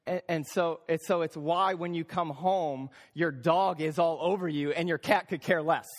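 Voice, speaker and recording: A man preaching a sermon as pastor, animated, repeating phrases for emphasis and acting out little voices. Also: on the high side, moderate pace, hardly any pauses. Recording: long hall reverb.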